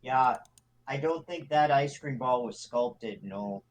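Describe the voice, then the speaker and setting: A man's voice: medium pitch, lively intonation, takes it slowly, slight background noise. A man playing a tabletop game, casual and playful in manner. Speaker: player.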